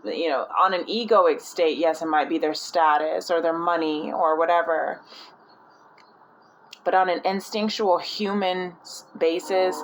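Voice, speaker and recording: Over a poor recording marked by a little hiss or hum, a low-voiced woman offers a casual spiritual reading. Her talk rambles, full of fillers and restarts, as she thinks aloud and hunts for words.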